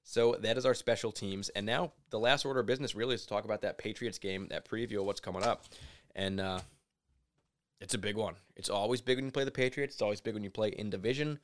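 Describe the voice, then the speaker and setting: A man co-hosting a casual sports podcast, animated and opinionated, sometimes slipping into mock voices to make a point. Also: fairly low pitch, quick pace. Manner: animated, opinionated, mimics people in asides. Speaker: podcast co-host.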